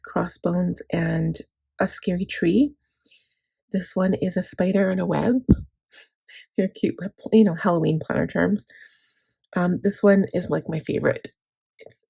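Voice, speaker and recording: A woman's voice: lowish voice, gravelly, mellow, husky. A woman in her thirties, a planner vlogger, chatting casually and tiredly, rambling with many fillers and restarts. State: tired and low. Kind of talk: casual chat.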